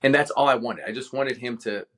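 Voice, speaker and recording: Man, from Cleveland, retired veteran guest, mid-pitched voice, passionate storytelling. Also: fairly quick, a bit bright. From Cleveland, Ohio, USA. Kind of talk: casual interview storytelling.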